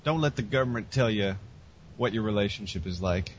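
A man co-hosting a podcast in casual chat, wry and teasing, halting with fillers. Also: fairly low pitch, animated, husky. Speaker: podcast co-host. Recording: dull lo-fi with faint hum.

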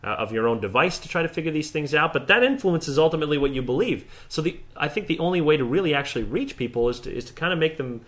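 A man's voice: fairly high pitch, lively intonation, fast talker, few pauses, fairly bright tone. A man co-hosting a podcast in casual chat, rambling and profane, restarting sentences often. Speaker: podcast co-host.

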